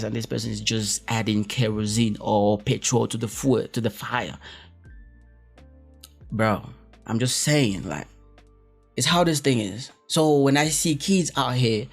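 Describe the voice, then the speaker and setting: A man from Africa, hosting a podcast in a rambling, profane, animated monologue full of restarts. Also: medium pitch, vocal fry. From West Africa. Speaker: podcast host. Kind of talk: casual monologue.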